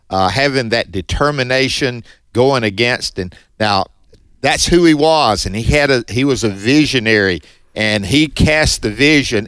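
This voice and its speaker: A man's voice: mid-range voice, fairly bright tone, smooth, dry recording. A man from northeast Mississippi with a strong Southern accent, co-hosting a Christian radio pledge drive in a folksy, chatty and upbeat way. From Northeast Mississippi, USA. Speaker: radio co-host. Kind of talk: Christian radio fundraiser chat. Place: radio studio. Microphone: studio microphone.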